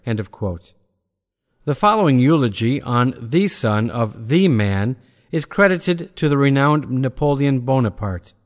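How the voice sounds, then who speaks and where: A man reading theological prose aloud in a measured, deliberate manner, slowing down for scripture citations. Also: medium pitch, lively intonation. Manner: measured, deliberate delivery that slows to cite scripture references. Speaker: reader of a religious text. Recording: long hall reverb.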